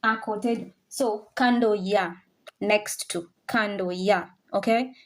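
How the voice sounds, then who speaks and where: Taking it slowly in a medium-pitched voice, a woman teaches French live over the internet. Patient repetition of every word helps students with pronunciation, and she weaves in English along with some Swahili.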